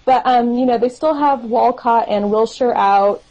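This is a woman co-hosting a casual sports podcast. Her voice sits a little high and has a husky, airy edge. She rambles a bit, restarting sentences and filling gaps with ums. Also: unhurried, mellow, low-quality recording. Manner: hesitant, lots of fillers, teasing. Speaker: podcast co-host. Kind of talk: casual football chat.

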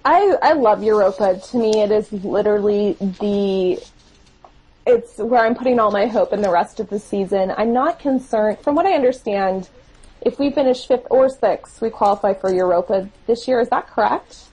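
A woman's voice: mid-range voice, normal speed, a little mellow, slightly rough, rough recording. A woman co-hosting a podcast, talking football casually with many fillers and restarts, teasing her co-hosts. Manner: hesitant, lots of fillers, teasing. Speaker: podcast co-host.

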